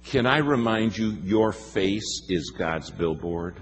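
A man preaching a sermon in a folksy, emphatic way, telling stories and slowing down to stress his points. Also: on the low side, animated, in a large hall. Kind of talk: sermon with storytelling.

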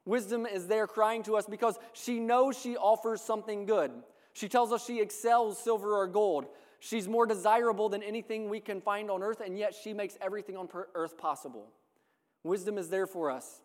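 High-voiced male preacher in echoing hall. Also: fairly even intonation, moderate pace. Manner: earnest, building repetition of phrases. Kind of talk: sermon. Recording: long reverb of a large hall.

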